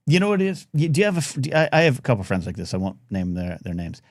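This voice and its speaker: A man's voice: mid-range voice, big pitch swings, rapid-fire, a little mellow, no echo, clean studio sound. A man hosting a casual live talk radio show, rambling and reading out chat comments. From United States.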